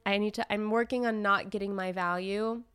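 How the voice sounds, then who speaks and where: A young woman co-hosting a podcast in an open, reflective way. She thinks aloud and talks frankly about herself. Her voice sits at a middling pitch for a woman. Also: fairly even intonation, brisk, a crowd in the background. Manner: reflective, candid, talks through her feelings. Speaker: podcast co-host. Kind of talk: casual podcast chat.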